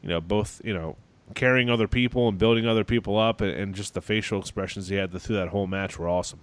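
A man's voice: lowish voice, fast talker, smooth. A man co-hosting a casual wrestling podcast, rambling with lots of fillers and restarts. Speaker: podcast co-host.

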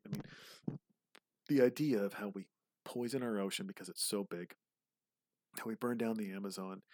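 Low-voiced rambling man, dry sound. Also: a little mellow, dry recording. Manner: rambling, profane, digressive. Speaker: movie commentary host. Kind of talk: casual movie watch-along commentary.

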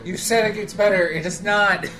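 A man's voice: high voice, fairly even intonation, normal speed, reverberant, recorded from a distance, over music. A man in casual banter who tosses off dry, mumbled one-liners. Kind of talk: casual banter while gaming.

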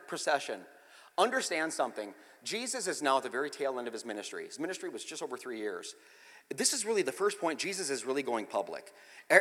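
A man in his forties preaching a sermon, telling stories and acting out scenes, swinging from quiet asides to loud outbursts. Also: high voice. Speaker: pastor. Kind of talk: sermon with storytelling. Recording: reverberant hall.

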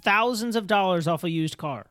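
A young man co-hosting a casual podcast, chiming in with quick agreements and laughs. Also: high voice, fairly bright tone, no room sound, clean studio sound. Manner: chimes in with short agreements and laughs. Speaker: podcast co-host.

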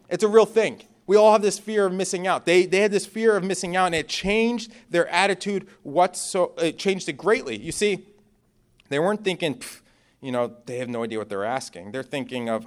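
Animated young man preaching. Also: a little high, normal speed. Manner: conversational, animated, swings from loud to quiet. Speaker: pastor. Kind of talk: sermon with personal stories.

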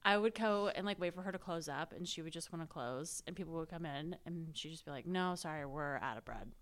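A woman guest on a podcast chatting casually, with wry, deadpan asides and easy laughter. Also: on the low side, quick pace. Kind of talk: casual chat.

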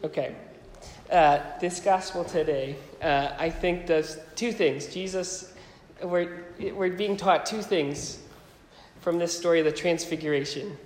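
A man's voice: fairly high pitch, unhurried, echoey room, in a large hall, poor audio. A man preaching a sermon as pastor, casual and conversational, with frequent ums and restarts.

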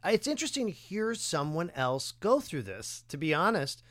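A man hosting a podcast, chatting casually and enthusiastically, thinking out loud and affirming his guest. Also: a little high, big pitch swings, moderate pace. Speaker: podcast host. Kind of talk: casual conversation.

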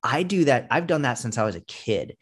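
A man's voice: medium pitch, big pitch swings, fairly quick, slightly rough. Blunt, profane male fitness coach. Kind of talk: casual podcast interview.

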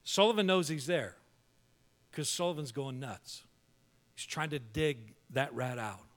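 A male pastor telling a humorous story in a sermon, animated and full of quick restarts. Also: medium pitch.

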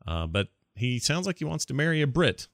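A man's voice: mid-range voice, sing-song, fairly quick, dry recording, clean studio sound. A man hosting a podcast, reading listener questions in an easygoing, casual chat. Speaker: podcast co-host.

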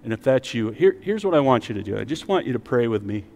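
A male pastor preaching a sermon in a church, rising to emphatic peaks and then dropping to a soft, quiet voice to lead prayer. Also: mid-range voice, sing-song, fast, vocal fry, long reverb tail, slight background noise. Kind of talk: sermon with altar call. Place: church sanctuary with online stream.

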